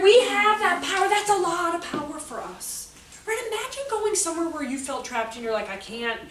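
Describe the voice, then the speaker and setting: A woman's voice: a little high, fairly bright tone. Chatty woman presenter in an echoey room. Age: adult. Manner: storytelling, chatty, laughs often, acts out voices. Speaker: workshop presenter. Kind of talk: animated talk to a workshop. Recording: roomy echo, from a distance, faint room noise.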